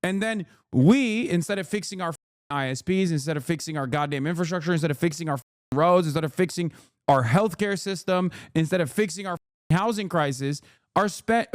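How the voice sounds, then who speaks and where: A man's voice: high-pitched, no echo, studio quality. A man in his thirties streaming, reacting to a news clip with an angry, profane political rant. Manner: angry, profane, rising to shouting.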